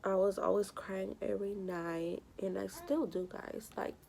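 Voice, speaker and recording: A young woman vlogger speaks at a measured pace with a steady, medium-pitched voice that's gravelly and a little mellow, with a little hiss or hum present. She's doing her makeup and telling a personal story, rambling with many "you know" fillers and turning emotional, even tearful, at times.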